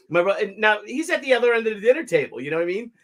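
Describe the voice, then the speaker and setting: A man's voice: high voice, very fast. A middle-aged man in casual chat, telling family stories with lots of laughter. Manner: animated, laughing storyteller.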